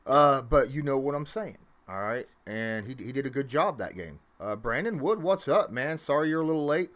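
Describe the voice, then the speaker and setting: A man hosting a casual livestream from his home, rambling with lots of fillers and swinging up and down in pitch and loudness. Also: expressive, moderate pace. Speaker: livestream host.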